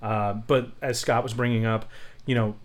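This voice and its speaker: A man's voice: medium pitch, fairly even intonation, normal speed. A young man co-hosting a podcast in casual chat, rambling loosely with frequent fillers and casual swearing. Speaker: podcast co-host.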